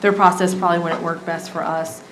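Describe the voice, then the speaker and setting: A woman's voice: fairly low pitch, level tone, fairly quick, a bit bright. A woman, a city staff member presenting a budget item at a council meeting in a casual way with many filler ums. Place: council chamber. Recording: echoey chamber, background noise.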